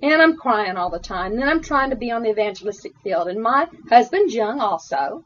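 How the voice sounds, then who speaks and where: A woman's voice: medium pitch, expressive, fairly quick, slight background noise. A woman giving earnest, emotional personal testimony in an interview. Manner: emotional, earnest storytelling, rising intensity. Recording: dull lo-fi recording.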